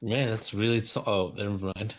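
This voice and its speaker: A man's voice: lowish voice, steady tone, normal speed. A man playing a tabletop game, talking in a playful, joking way both in and out of character. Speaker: player.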